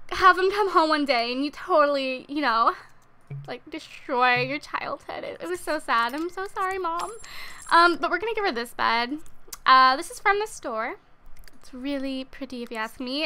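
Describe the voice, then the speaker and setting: This is a young woman hosting a let's play of a life-sim game. She talks casually and chattily, full of fillers, in a high, bright voice. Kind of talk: casual gameplay commentary.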